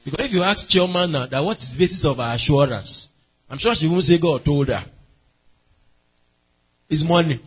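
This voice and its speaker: A man's voice: a little high, expressive, moderate pace, pauses often, husky, muffled recording. A man preaching an interactive sermon, asking the congregation questions and calling on members by name. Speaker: pastor.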